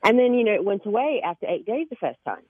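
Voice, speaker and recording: A woman in her forties from Oklahoma who speaks with a British-sounding accent, chatting as a phone-in guest with quick restarts and frequent laughs. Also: mid-range voice, sing-song, slightly rough, no echo. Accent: British-sounding accent from foreign accent syndrome. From Oklahoma, United States. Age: 40s. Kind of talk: casual interview chat. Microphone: telephone. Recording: tinny phone line.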